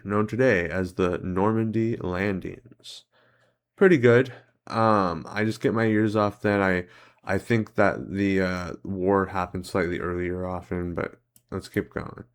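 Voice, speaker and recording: Low-pitched guy mulling over guesses out loud, slow and hesitant, lots of ums. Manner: thinking aloud, hesitant, many "um"s and self-corrections. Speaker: host playing geography and history guessing games. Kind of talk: casual commentary while playing.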